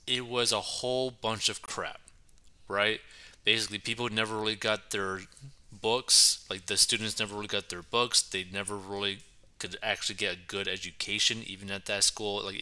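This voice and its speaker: Bright-voiced man giving chatty commentary. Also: lowish voice, smooth. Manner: chatty, keeps saying right and like. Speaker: commentary channel host. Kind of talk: casual commentary reading news.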